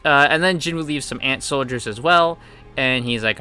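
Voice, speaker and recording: Bright-voiced young man recapping chapters. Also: normal speed, smooth, soft background music. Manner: animated retelling with frequent fillers, acting out quotes in different pitches. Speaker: manhwa reviewer.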